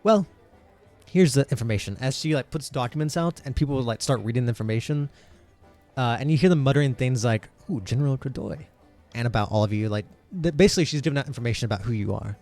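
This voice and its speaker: A man narrating as game master for a tabletop game, rambling with lots of fillers and slipping into quick voices for the crowd. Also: mid-range voice, darkish tone, soft background music.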